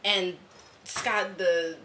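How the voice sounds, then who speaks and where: A woman's voice: on the low side, fairly even intonation, extremely slow, bright, forceful tone. A woman in casual chat, talking hesitantly and restarting her sentences. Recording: echoey room with clear noise.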